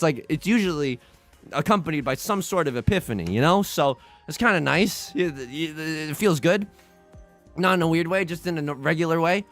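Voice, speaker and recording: A man's voice: fairly high pitch, a bit bright. A young man streaming, chatting casually with his chat, self-mocking and stammering through restarts.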